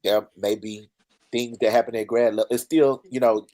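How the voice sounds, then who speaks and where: A man speaking in a measured, hesitant, thoughtful way in a casual group conversation. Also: mid-range voice, flat delivery, mellow. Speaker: fraternity brother in a panel talk. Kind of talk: casual chat.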